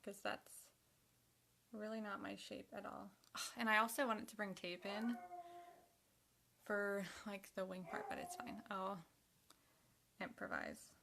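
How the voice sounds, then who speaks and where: A woman's voice: mid-range voice, fairly even intonation, a little slow, creaky, long pauses, pushed and bright, a little hiss or hum. A young woman chatting casually to herself while doing her makeup for a vlog, sometimes dropping to a half-whisper. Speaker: makeup vlogger.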